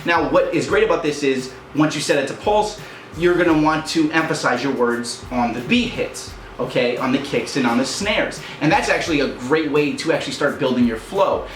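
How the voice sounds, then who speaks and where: A man's voice: a little high, fairly quick, slight background noise. A man hosting a rap tutorial, explaining in a casual, upbeat way and counting out beats. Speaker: rap coach and channel host. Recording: echoey room with music behind.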